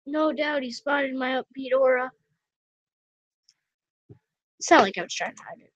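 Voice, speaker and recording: A woman's voice: sits high, fairly quick, no room sound. A woman reading a visual novel aloud with self-mocking, chatty asides. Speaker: let's player. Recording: dull, lo-fi, dry.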